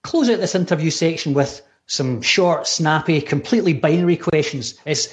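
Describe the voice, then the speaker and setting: Scottish man, podcast host, playful teasing tone, somewhat high pitch, video call. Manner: playful, teasing quick-fire questioner. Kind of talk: casual livestream interview.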